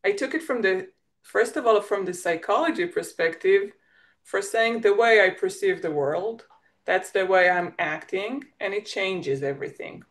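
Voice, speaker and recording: A woman with an Israeli accent, a native Hebrew speaker, talks in a reflective conversation, often pausing and restarting as she looks for words. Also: mid-range voice. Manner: searching for words, restarts, light laughs. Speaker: guest.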